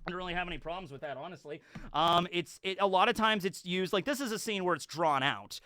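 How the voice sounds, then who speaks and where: A man's voice: sits high, fast, bright, forceful tone, no room sound, clean studio sound. A man casually and chattily breaking down a show episode, rambling with many fillers. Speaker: YouTube show reviewer.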